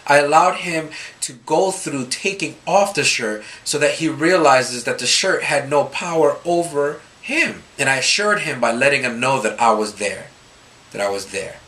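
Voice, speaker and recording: A man's voice: on the high side, normal speed. A man giving a Scripture reflection for a youth ministry, telling stories animatedly and acting out the people he quotes. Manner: animated storytelling, quoting others in voices.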